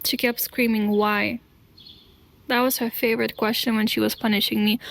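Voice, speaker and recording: A woman telling her own life story to camera in an earnest, deliberate way, pausing between short phrases. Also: fairly high pitch, level tone, creaky. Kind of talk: slow confessional storytelling.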